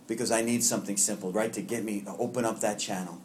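A man's voice: lowish voice, fairly even intonation, quick pace, a little hiss or hum. A man from Long Island, leading a recovery meeting and sharing with the group in an earnest, heartfelt way with self-mocking humor. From Long Island, New York. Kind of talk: personal share to a support group.

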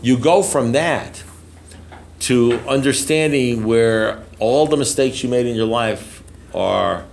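A man's voice: mid-range voice, slow pace, creaky. Middle-aged man, streetwise and self-mocking, talking off the cuff at a meeting, mid-range voice, faint hiss behind. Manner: rambling, repeats phrases, keeps asking "you know what I mean?". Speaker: speaker at a recovery meeting. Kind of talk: casual talk to a meeting.

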